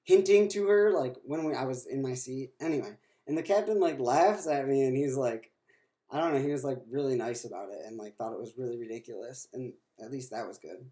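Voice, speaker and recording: A man's voice: medium pitch, brisk, warm tone. A man in his twenties talking in a rambling video diary, full of fillers and restarts, sounding worn out. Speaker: vlogger.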